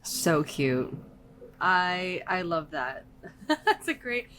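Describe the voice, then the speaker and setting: A woman's voice: lowish voice, very animated, drawn-out words, a bit bright, slight background noise. A woman co-hosting a podcast in casual, enthusiastic chat. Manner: enthusiastic, upbeat. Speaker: podcast co-host.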